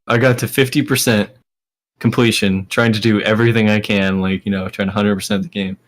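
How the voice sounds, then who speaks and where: A man co-hosting a casual gaming podcast over voice chat, blunt and quick to swear and laugh. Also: on the low side, little pitch movement. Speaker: podcast co-host.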